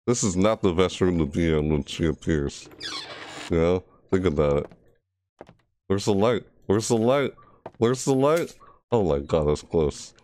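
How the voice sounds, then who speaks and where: A man's voice: deep voice, lively intonation, a little slow, long pauses, darkish tone, a little hiss or hum. A man commentating a horror game playthrough, frustrated and jumpy, scolding the game's characters and shrieking at scares. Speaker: gamer.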